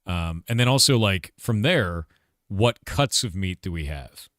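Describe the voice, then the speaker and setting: Laid-back low-voiced man chatting on stream. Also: expressive, measured pace, fairly bright tone, no echo, studio quality. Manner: rambling, laughs often, swears casually. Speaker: streamer and game developer. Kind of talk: casual livestream chat.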